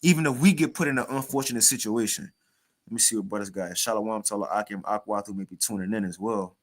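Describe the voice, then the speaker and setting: A man's voice: lowish voice, fast. A man preaching in a casual, slangy way, talking conversationally and reading scripture aloud between his comments.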